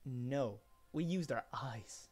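A man's voice: medium pitch, animated, slow, a little mellow, faint music behind. A man chatting casually while playing a game on stream. He swears freely and jumps between stories and the game. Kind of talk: casual chat while gaming.

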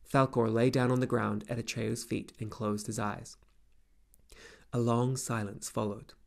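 A man reading a fantasy novel aloud as an audiobook narrator, in an even, measured way. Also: mid-range voice, vocal fry. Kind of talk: scripted narration.

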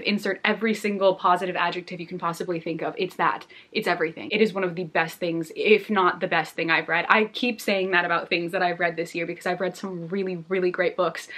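A woman's voice: lowish voice, a bit bright. A woman chatting casually on camera as a book reviewer, gushing and effusive, at times tearful and laughing. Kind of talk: casual vlog chat.

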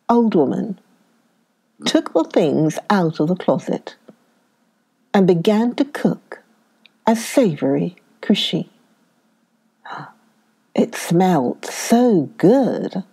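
Very slow, expressive woman storyteller. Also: medium pitch, slightly rough. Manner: expressive and drawn out. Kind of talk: children's story reading.

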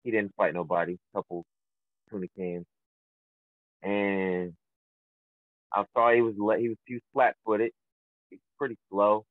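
A man's voice: fairly low pitch, steady tone, a little slow, pauses often, no room sound. A young man, a boxer, talking loosely on a call-in interview, rambling with lots of fillers and restarts. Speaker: professional boxer, guest. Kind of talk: casual phone interview. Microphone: phone. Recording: tinny dry phone line.

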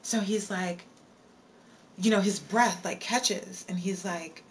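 A woman streamer spins a spooky tale for her viewers in an easy, chatty way. She repeats her lines, stops to answer the chat, then goes back to the story. Her voice sits at a middle pitch. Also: takes it slowly, a little hiss or hum. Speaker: live streamer. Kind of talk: storytelling on a livestream.

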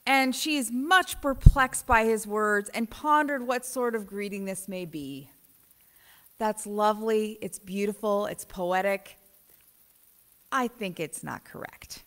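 A woman pastor preaching a conversational sermon in a church, animated and emphatic with repeated phrases. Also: medium pitch, takes it slowly. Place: church sanctuary.

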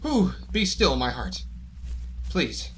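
A man's voice: a little high, huge pitch swings, takes it slowly, fairly bright tone, slight background noise. A man hosting a horror game playthrough, talking nervously to his viewers in frightened, jittery bursts. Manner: jittery, panicky, talks to viewers. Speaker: gaming channel host. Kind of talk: horror let's play commentary.

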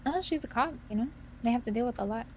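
A woman's voice: a little high, fast talker, a little hiss or hum. A woman role-playing in a game, chatty and playful. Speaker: gamer role-playing a character. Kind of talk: casual role-play chat.

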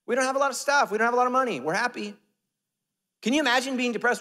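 Animated male pastor, high voice, hall echo. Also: racing. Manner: animated, joking, swings between loud and hushed. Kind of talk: sermon. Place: church sanctuary.

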